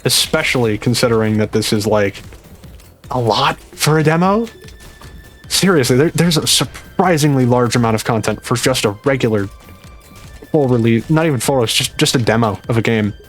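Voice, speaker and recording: Young guy mumbling quiet game commentary late at night, retainer in, kinda muffled, faint music behind. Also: medium pitch, normal speed. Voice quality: slightly muffled speech from a dental retainer. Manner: quiet, rambling, self-mocking. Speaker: gaming YouTuber. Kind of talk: live gameplay commentary.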